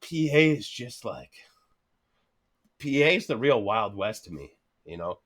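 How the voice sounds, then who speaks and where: A man's voice: on the low side, measured pace. A man in his thirties, a podcast guest telling a story in casual chat, swearing constantly, laughing as he talks and acting out what people said. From Canada. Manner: animated, swears constantly, laughs mid-sentence, acts out quotes.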